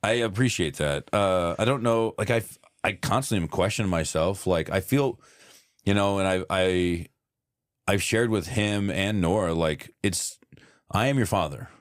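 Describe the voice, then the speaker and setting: Deep-voiced man telling a lively story. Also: normal speed, no room sound, clean studio sound. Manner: animated storyteller acting out quotes, swears freely. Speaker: podcast co-host. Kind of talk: casual chat.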